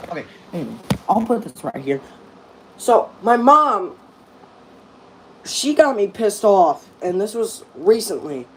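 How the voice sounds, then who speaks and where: A young man talks slowly into a camera in his bedroom, rambling and getting heated as he complains. The recording has a faint hiss and occasional clicks behind his voice. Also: high voice. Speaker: vlogger. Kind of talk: casual home vlog. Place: bedroom at home.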